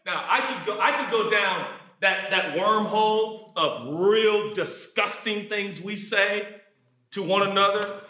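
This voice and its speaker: A man preaching a sermon, animated, jumping from shouted lines to quiet asides. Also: high-pitched, unhurried. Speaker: pastor. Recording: echoey room.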